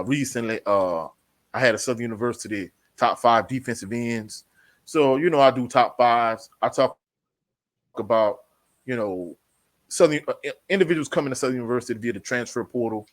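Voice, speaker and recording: A man speaks as a guest on a casual interview show. He talks in a relaxed way, full of "you know", in an ordinary mid-range voice. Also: mid-range voice. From Louisiana. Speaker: guest, sports channel creator.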